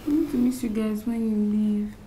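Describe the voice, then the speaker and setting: A woman's voice: on the high side, fairly quick, dark tone, slight background noise, close to an everyday voice, low-quality recording. An actress playing a sulky young woman seeing her friends off. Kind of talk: film drama acting.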